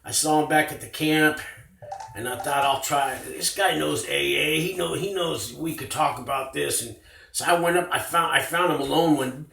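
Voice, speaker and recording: A man's voice: a little high, moderate pace, creaky, bright, forceful tone, far from the mic. A man in his fifties telling a prison story in a rambling, profane, casual way, recorded on a tablet. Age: 50s. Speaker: former inmate vlogger. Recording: roomy, off-mic, with faint noise.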